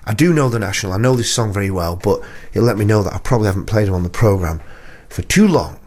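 A man's voice: fairly low pitch, animated, fast talker, darkish tone. A man presenting a radio show, chatting casually as a rambling, self-deprecating storyteller into a studio microphone.

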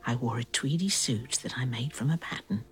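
An actor playing a working-class woman recalling her past in soft, intimate, whispered narration. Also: extremely low pitch, brisk. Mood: wistful. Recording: music underneath.

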